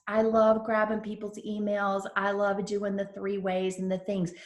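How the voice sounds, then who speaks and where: A woman gives a lively sales training talk, calling her listeners y'all. She tells stories and acts out both sides of each conversation, switching voices with energy. The room is roomy and echoey. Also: medium pitch. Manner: storytelling, acts out dialogue; enthusiastic, addresses audience as y'all.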